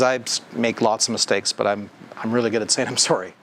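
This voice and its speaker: A man's voice: on the low side, fairly even intonation, fast talker, a bit bright, a little hiss or hum. A man, a company president, giving a conversational training talk to a service team in a room, often asking the group questions. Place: indoor room with a group of staff.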